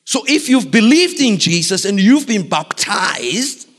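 High-voiced animated preacher in a hall. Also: male voice, a little slow. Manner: animated, questions the congregation. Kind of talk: sermon. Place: church. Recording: reverberant hall.

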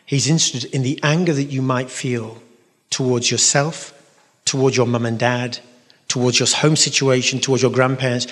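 English preacher in a reverberant hall. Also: male voice, mid-range voice. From England. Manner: emphatic, repeating phrases, playful noises. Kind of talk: sermon. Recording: long reverb of a large hall.

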